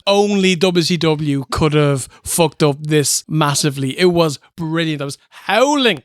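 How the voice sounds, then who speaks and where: An Irish man co-hosting a review podcast, telling animated stories and mimicking the people he talks about. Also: fairly high pitch, measured pace, slight background noise. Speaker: podcast co-host. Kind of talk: casual review chat.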